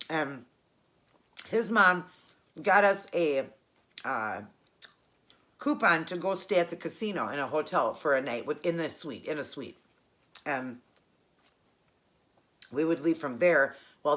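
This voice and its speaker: A woman with a low, deep-set voice tells a long personal story in casual vlog fashion. She rambles and doubles back to correct herself, chatting easily as she hosts her own channel. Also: expressive, moderate pace, long pauses, fairly bright tone. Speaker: cooking channel host.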